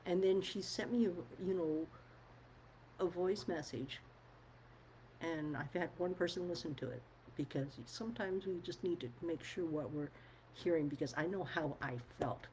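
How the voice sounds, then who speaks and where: A woman's voice: on the low side, normal speed, a little mellow, slight background noise, poor audio. A woman speaking her mind in a casual monologue to camera, blunt and firm, swearing freely and stressing her points. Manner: firm and emphatic. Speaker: vlogger.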